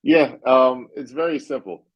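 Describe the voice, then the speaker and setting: A man on a crypto livestream, boastful and animated as he claims he called the market right. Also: medium pitch, unhurried, slightly rough, no room sound, dull audio. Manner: boastful, animated, laughing at rivals. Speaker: guest analyst. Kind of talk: casual crypto livestream chat.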